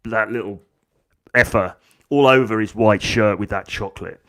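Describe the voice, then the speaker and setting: A man's voice: lowish voice, moderate pace, fairly bright tone, voice pushed down. Man doing a jeering teenage girl. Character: cruel teenage schoolgirl egging on a bully.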